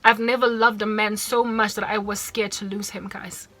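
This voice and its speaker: A woman's voice: medium pitch, flat delivery, normal speed, a bit bright. A woman from South Africa with a South African accent, telling a personal story on her vlog, emotional and repeating herself as she quotes the people involved. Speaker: vlogger.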